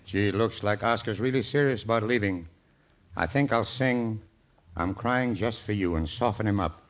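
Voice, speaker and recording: A man's voice: fairly low pitch, moderate pace. Wisecracking man on old radio. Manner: wisecracking, sings sentimental ballad. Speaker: comedy show host and singer. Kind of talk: 1940s radio comedy. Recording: dull old radio broadcast with music.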